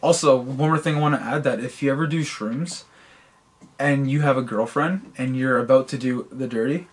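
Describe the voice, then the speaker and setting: Guy on a podcast rambling thru a story, keeps repeating words, average pitch. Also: normal speed, slightly rough. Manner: stammers and repeats words while telling stories. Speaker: podcast co-host. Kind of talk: casual storytelling chat.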